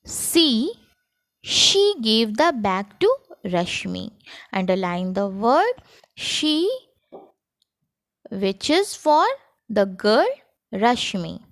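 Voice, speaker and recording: Female school teacher with an Indian English accent, slightly high voice, slow and deliberate lesson delivery, dry close recording. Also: fairly bright tone, dry recording. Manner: slow, sing-song classroom delivery. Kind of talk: recorded grammar lesson for children.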